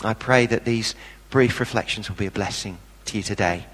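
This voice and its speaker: A man's voice: fairly low pitch, fairly quick, a bit bright. A man preaching a sermon, impassioned and emphatic with blunt everyday turns of phrase. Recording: reverberant hall.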